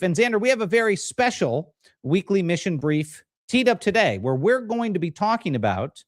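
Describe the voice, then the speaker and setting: A man co-hosting a live-streamed political talk show, talking in an energetic, upbeat way over a video call. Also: on the high side, dry recording, studio quality. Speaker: co-host.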